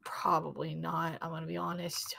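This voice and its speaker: A woman's voice: low voice, moderate pace, vocal fry. A young adult woman guesting on a friend's stream, teasing and joking in casual chat. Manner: goofy, teasing, deadpan jokes.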